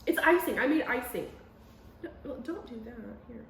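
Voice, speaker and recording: A young woman chatting excitedly and making fun of herself while baking in her home kitchen for a vlog. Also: fairly high pitch, normal speed, roomy sound, slight background noise. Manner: chatty, excitable, self-mocking. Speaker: vlogger. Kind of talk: casual cooking vlog.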